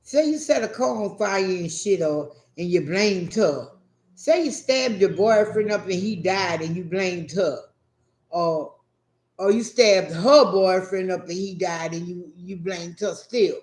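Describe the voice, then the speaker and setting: A man telling a profane, animated story in a casual rant, acting out what people said. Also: high-pitched, a little slow. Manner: profane, animated, acts out quotes. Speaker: vlogger. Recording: echoey room.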